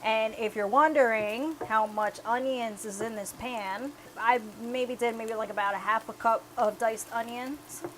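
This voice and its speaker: A woman's voice: a little high, steady tone, measured pace, hardly any pauses, fairly bright tone, a little hiss or hum, poor audio. A young woman cooking in her home kitchen, chatting casually and explaining each step as she goes. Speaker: home cook.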